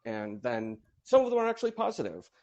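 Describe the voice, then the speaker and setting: A man calling in to a podcast, giving quick wry opinions in casual chat. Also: medium pitch, huge pitch swings, darkish tone, lo-fi sound. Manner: wry, quick opinions, laughs at his own jokes. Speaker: caller.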